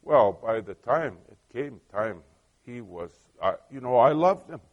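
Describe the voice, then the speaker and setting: A man's voice: medium pitch, lively intonation, a little slow, narrow, tinny audio. A middle-aged man preaching a sermon, telling stories in a conversational way with many asides and questions put to the listeners. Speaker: pastor.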